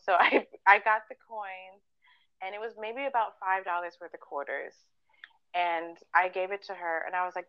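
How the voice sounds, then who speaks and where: A woman's voice: medium pitch, fairly even intonation, normal speed, dry recording, lo-fi sound. A woman co-hosting a podcast, telling personal stories in casual chat, earnest and full of fillers, acting out what people said. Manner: earnest storytelling, many fillers and acted-out quotes. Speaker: podcast co-host.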